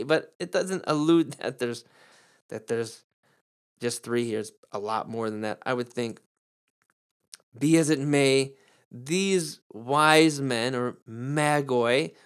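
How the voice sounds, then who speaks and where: A man, a pastor, teaching through a Bible passage on his podcast in a lively, emphatic preaching manner. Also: a little high. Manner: animated preacher, rising emphasis on key words.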